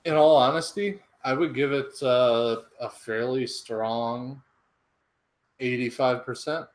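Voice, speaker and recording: A man's voice: medium pitch, steady tone, slow. A man co-hosting a podcast in casual chat, with a laid-back, hesitant manner that often trails off. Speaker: podcast co-host.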